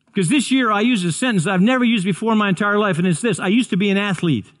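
A man's voice: high-pitched, quick pace. A man preaching a sermon, earnest, often repeating and restarting words. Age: 60s. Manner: earnest, stumbling restarts, builds to excited shouts. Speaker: pastor.

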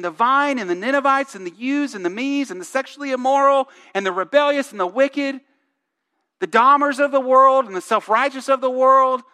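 Male pastor, very high voice, bright tone, casual sermon delivery with rhetorical questions. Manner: conversational, asks the congregation questions; reads scripture aloud with emphasis.

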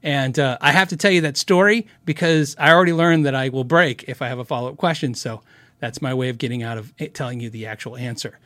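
A man's voice: mid-range voice, fast talker, sharp tone, no room sound. A middle-aged man hosting a casual live show, chatting and giggling as he rambles through stories and viewer questions. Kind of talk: casual live-stream chat.

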